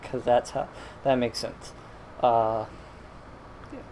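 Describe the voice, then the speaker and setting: A man's voice: mid-range voice, level tone, takes it slowly, warm tone, slight background noise, poor audio. A man streaming a video game, rambling in casual commentary with frequent self-corrections and mild exasperation. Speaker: gaming streamer.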